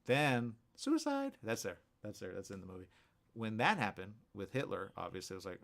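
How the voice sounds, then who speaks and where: A man hosting a radio morning show, talking casually in a rambling, animated way full of restarts and asides. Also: on the low side, a little fast, gravelly. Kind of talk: casual talk show monologue.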